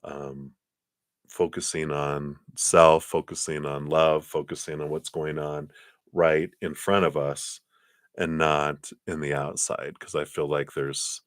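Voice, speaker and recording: A man giving live tarot readings in a gentle, meandering way, with many fillers and soft laughs. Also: rumbling low, level tone, slow pace, dry recording, studio quality. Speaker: tarot card reader.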